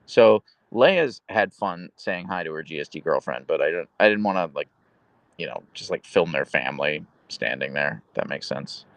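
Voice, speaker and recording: A man chatting on a livestream, swinging from low murmurs into high, sing-song baby talk aimed at his dog. His voice has a gravelly fry, recorded close and dry on a handheld phone. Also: lively intonation, moderate pace, dry recording. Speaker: livestream host. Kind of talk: casual livestream chat with pet. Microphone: handheld phone camera.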